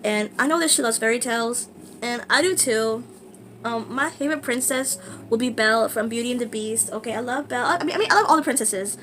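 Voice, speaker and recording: Gushing, excitable woman vlogging. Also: on the high side, quick pace, slight background noise. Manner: gushing and excitable, with many fillers. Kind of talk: casual book vlog.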